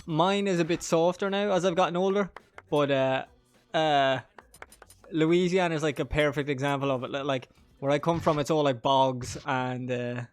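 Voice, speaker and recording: A man's voice: a little high, steady tone, normal speed, clean tone. A man with a County Monaghan Irish accent, chatting casually and rambling while he streams a game, swearing and laughing often. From Ireland. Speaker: gaming streamer.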